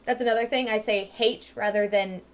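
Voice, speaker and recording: A woman's voice: on the high side, animated, normal speed. Chatty young woman gaming. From Ohio, USA. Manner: chatty, rambling, lots of "um" and "like", laughs easily. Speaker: let's-play host. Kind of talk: casual chat over gameplay.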